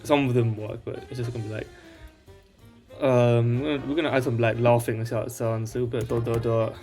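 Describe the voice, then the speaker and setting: A man's voice: mid-range voice, flat delivery, fast talker, a little mellow, faint music behind. Rambling man walking through a tutorial. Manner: rambling, tags lines with "alright?". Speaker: tech tutorial host. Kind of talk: casual screen-share tutorial.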